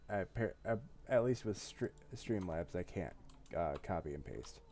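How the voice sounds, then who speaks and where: A laid-back man streaming a game, his voice low and mellow, with keyboard clicks and a faint hiss behind him. He chats casually, chuckles often and mutters to himself while he types. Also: animated, measured pace. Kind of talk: casual live-stream chat.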